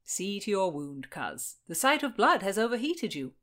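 A woman voicing a jovial, unflappable gentleman uncle who speaks heartily and theatrically in an audiobook. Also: mid-range voice, big pitch swings, moderate pace. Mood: soothing.

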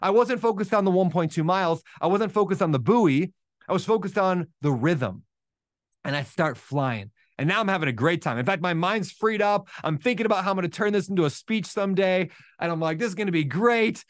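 Male host, casual storyteller, slightly high pitch, dry recording, acts out his own inner voice. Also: fairly quick, no room sound. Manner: animated, acts out his own thoughts in quotes. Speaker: podcast host.

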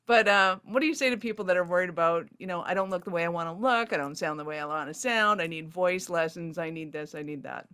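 A woman hosting a casual interview, an animated, giggly storyteller. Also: lowish voice, fast talker, few pauses, smooth. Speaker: interview host.

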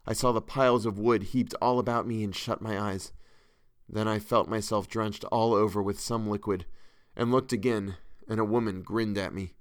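A man reading a first-person tale aloud in a measured, earnest storytelling manner. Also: on the low side, no room sound, clean studio sound. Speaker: audiobook reader. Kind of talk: first-person audiobook narration.

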